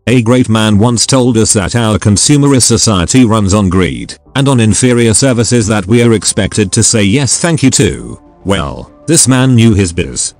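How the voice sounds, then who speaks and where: A man's voice: fairly low pitch, animated, moderate pace, few pauses, darkish tone, soft background music, lightly acted. A synthetic male text-to-speech voice reading the lines of a drunk, masked male gang leader with a sneering, profane manner. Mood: preachy.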